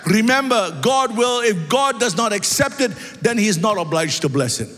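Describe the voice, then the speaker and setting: A man preaching a sermon in an animated way, asking the congregation rhetorical questions and building up emphasis. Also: high voice, normal speed, hardly any pauses. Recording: long hall reverb.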